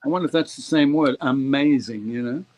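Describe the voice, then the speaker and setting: A man's voice: medium pitch, brisk. An older man spins stories in an interview with an easy, mid-range voice. He slips into the voices of the people he quotes as he tells them. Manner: animated storyteller who acts out quoted voices. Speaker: guest actor. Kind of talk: anecdotal interview storytelling.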